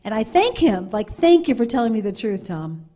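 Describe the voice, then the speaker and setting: A woman's voice: a little high, very animated, moderate pace, dark tone. A woman speaking on a conference panel, earnest and repetitive, acting out little quoted exchanges as she explains.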